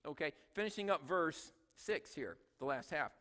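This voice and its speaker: High bright-voiced male pastor preaching. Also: lively intonation, normal speed, long reverb tail. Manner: conversational, joking asides. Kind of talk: sermon. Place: church sanctuary.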